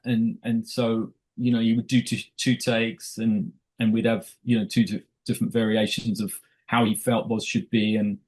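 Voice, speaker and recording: A man's voice: fairly low pitch, flat delivery, moderate pace, a little mellow, husky, poor audio. A middle-aged man, a film director telling stories casually in an interview, with many restarts and quoted asides.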